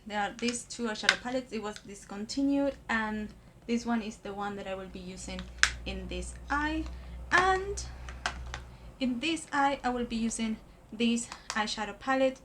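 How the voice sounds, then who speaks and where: A woman from Argentina, talking through a makeup tutorial in a hesitant way with many pauses and fillers. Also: on the high side, noisy background. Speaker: makeup vlogger.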